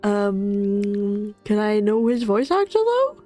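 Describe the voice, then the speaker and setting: A woman streamer reacting to a story game in an excitable, chatty way, tripping over her words. Her pitch moves around a lot, with faint music behind her. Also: slow. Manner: excitable, chatty, stumbles and repeats. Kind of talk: casual gameplay reaction.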